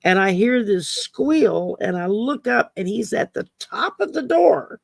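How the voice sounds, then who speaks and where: A woman's voice: on the high side, animated, a little slow, vocal fry, no echo, studio quality. A middle-aged woman, co-hosting and telling stories in a casual chat, laughing often. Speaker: co-host.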